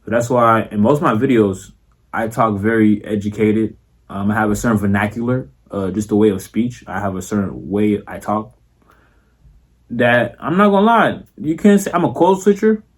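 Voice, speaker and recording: A man's voice: lowish voice, normal speed, husky. A young man with a Florida accent, talking casually and profanely to camera as a content creator, full of slang and filler tags. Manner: slangy and profane, repeats "you feel me".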